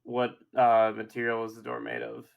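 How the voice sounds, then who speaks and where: Man, tabletop player, short hesitant replies, gravelly. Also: medium pitch, monotone, normal speed, phone-quality sound. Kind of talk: casual tabletop play.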